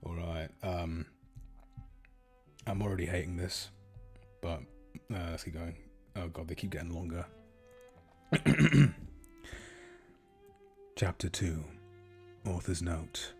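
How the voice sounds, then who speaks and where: A man reading a fan story aloud in a deadpan voice, with groaning asides between chapters. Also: deep voice, takes it slowly, creaky, long pauses, soft background music. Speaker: streamer reading a fanfic aloud. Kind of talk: mocking dramatic reading.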